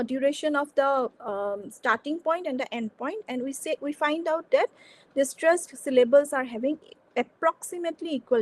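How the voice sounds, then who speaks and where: Woman lecturer, high voice, hesitant academic delivery with many fillers. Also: low-quality recording. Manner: hesitant, repeats words and restarts often. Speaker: workshop lecturer.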